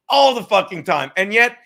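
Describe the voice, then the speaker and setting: A man's voice: high-pitched, big pitch swings, a little slow, bright, forceful tone. A man hosting a live stream, ranting and swearing while he reads out chat messages and says he is drunk right now. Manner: profane, ranting, sarcastic, addresses chatters by name. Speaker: podcast host reading live chat. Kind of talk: rambling profane live-stream talk.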